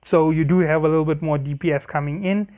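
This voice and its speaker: Man explaining a ship build, slightly high voice. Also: fairly even intonation, quick pace, muffled recording. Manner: explanatory, self-correcting, apologetic asides. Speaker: game guide creator. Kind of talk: casual game build walkthrough.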